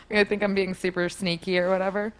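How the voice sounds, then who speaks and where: A young woman telling a story in casual chat, animated and often laughing, acting out quotes in a higher voice. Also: normal speed.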